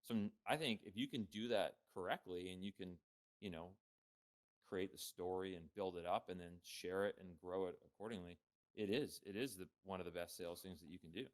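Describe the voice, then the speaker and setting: A man hosting a casual podcast interview, asking loose, relaxed questions with plenty of fillers. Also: low voice, a little fast. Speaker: podcast host.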